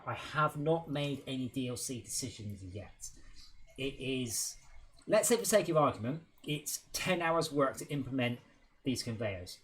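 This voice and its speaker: A young man talks his way through his work on a live stream, his voice sitting at an ordinary middle pitch. He thinks aloud, breaks off mid-thought and picks the thread back up. A faint hum of room noise stays under him. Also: a bit bright. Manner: thinking aloud, distracted, trailing off mid-sentence. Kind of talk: casual livestream chat while working.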